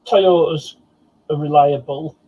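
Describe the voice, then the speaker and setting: A man taking part in a casual live-stream chat over a video call, talking in a matter-of-fact, measured way. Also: a little high, steady tone, warm tone, low-quality recording.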